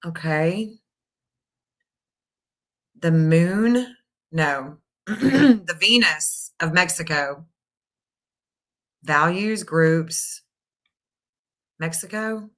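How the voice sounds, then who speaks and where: A woman's voice: on the low side, expressive, very slow, pauses often, fairly bright tone. A middle-aged woman hosting a casual live stream, thinking aloud and reading out searches as she goes. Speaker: live stream astrology reader.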